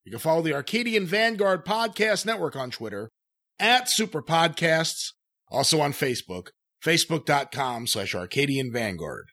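A man co-hosting a casual podcast, reviewing old matches and reading out the show's plugs. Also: fairly high pitch. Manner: relaxed, wraps up with plugs. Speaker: podcast co-host.

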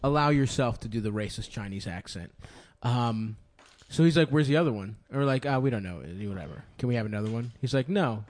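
A man's voice: medium pitch, brisk, hardly any pauses, darkish tone. A man casually telling a comedic story on a podcast, profane and rambling, often laughing.

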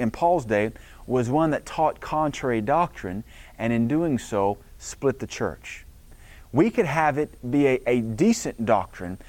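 Middle-aged male pastor, emphatic preacher, medium pitch, dry close recording. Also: a little mellow, no room sound. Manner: emphatic, preacherly cadence quoting scripture. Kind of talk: sermon.

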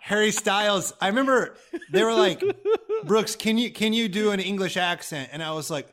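A man's voice: sits high, fairly quick. A young man, a comedian guest, telling stories in casual chat, acting out quotes with lots of swearing and laughter. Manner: animated storytelling, acts out quotes, swears, laughs.

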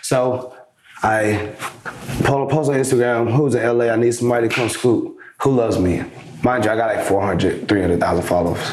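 A young man telling a story casually as a podcast guest, lively, acting out the back-and-forth he describes. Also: medium pitch, moderate pace, reverberant, slight background noise. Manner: animated storyteller acting out quoted exchanges. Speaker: podcast guest, basketball influencer.

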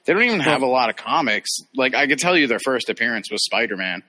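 Bright-voiced man in casual chat. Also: mid-range voice, sing-song, fast talker. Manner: opinionated, laughs often, dismissive asides. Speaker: podcast co-host.

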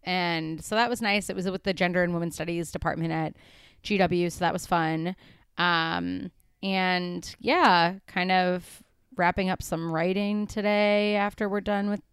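Upbeat woman co-hosting a podcast, low-pitched. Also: steady tone, unhurried, smooth, no echo, clean studio sound. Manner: upbeat, chatty, trails off with ums and likes. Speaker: podcast co-host. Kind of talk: casual podcast chat. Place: home.

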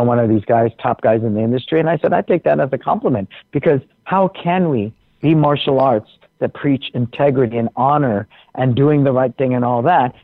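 A man's voice: medium pitch, no echo. Passionate man over a tinny line. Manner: passionate, preachy emphasis. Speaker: guest, martial arts teacher. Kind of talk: casual conversation. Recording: tinny phone-like remote line.

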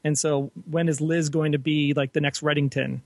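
A man's voice: fairly high pitch, flat delivery, moderate pace, no room sound. Enthusiastic man guest analyzing a show. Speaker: podcast guest. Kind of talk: casual chat.

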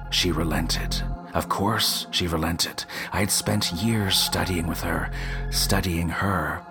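A man narrating a first-person story in a measured, dramatic way with a husky voice. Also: deep voice, fairly even intonation, sharp tone.

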